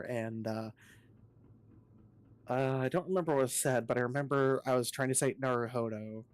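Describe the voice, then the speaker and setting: Playful guest streamer with self-mocking humor, mid-pitched, for casual game chat.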